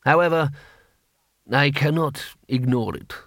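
A man's voice: mid-range voice, a little slow, a bit bright, no room sound, studio quality. A man voicing a cool, cunning city ruler who speaks in precise, dryly ironic sentences.

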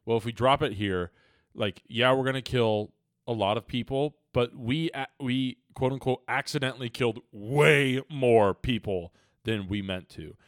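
A man co-hosts a casual chat show at a medium pitch. He tells odd stories in a loose, swearing, jokey way. The sound is dry and close. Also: normal speed, no room sound. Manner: loose, profane, jokey storytelling. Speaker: podcast co-host.

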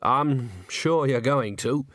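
A man's voice: medium pitch, slow pace, a bit bright, no echo, studio quality. A man voicing a blunt, plain-spoken male cheese merchant who speaks wryly and lists things off.

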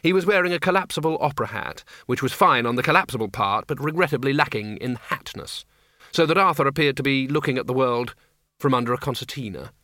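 A man narrates a comic fantasy audiobook at a mid pitch with a wry, measured delivery. His tone is bright and crisp, recorded dry and close. He keeps an even storytelling pace throughout. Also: dry recording.

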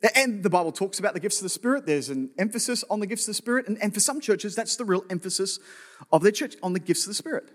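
A man's voice: high-pitched, expressive, quick pace. A male pastor preaching a sermon in a conversational way, often restarting with repeated words and making joking asides. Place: church auditorium. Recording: long reverb of a church hall.

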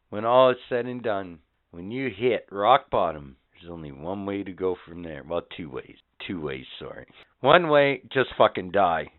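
A man hosting a podcast in profane, rambling casual chat, swinging between loud and quiet. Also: sits low. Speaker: podcast host. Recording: phone-like lo-fi audio.

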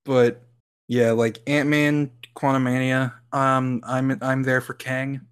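Man, podcast co-host, casual chat, rambling, filler-heavy, average pitch. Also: flat delivery, slow, clear, resonant tone. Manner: rambling, lots of likes and ums, laughs often.

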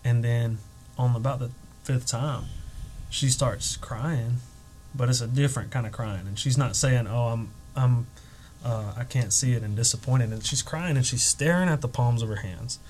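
A man recounts a story on a podcast, his voice sitting in a middle range. He gets animated and acts out what people said, with his emotion rising and falling. A faint hiss runs under the recording. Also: medium pitch, moderate pace, rough recording. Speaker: guest telling a ministry story.

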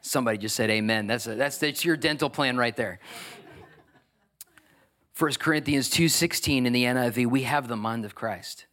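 A man preaching a sermon, building to emphatic, energetic exhortation. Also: medium pitch, moderate pace. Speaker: pastor.

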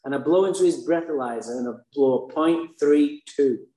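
A man candidly telling a personal recovery story, blunt and profane with dark humor. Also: fairly high pitch, moderate pace. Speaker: speaker sharing his recovery story. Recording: roomy echo.

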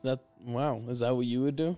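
A young man chatting loosely on a podcast, crude and quick to laugh. His voice sits in an ordinary middle range. Faint music plays underneath. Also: medium pitch, steady tone, mellow, smooth, no echo. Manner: laid-back, crude, laughs often. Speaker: podcast co-host. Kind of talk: casual podcast chat.

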